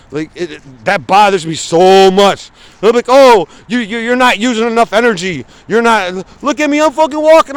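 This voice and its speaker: A man's voice: high-pitched, dry recording. A man in his forties vlogging while he walks outside in the cold, talking bluntly with lots of swearing. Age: 40s. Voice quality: frequent swearing, blunt and emphatic. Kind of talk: casual walking vlog rant. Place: outdoors on a city street, walking in the cold. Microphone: phone camera held while walking.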